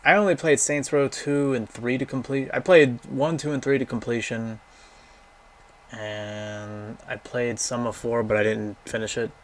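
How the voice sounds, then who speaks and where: A man's voice: medium pitch, fairly even intonation, measured pace. A young man casually rambling through a game library, giving blunt, profane opinions and going off on tangents. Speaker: gaming vlogger.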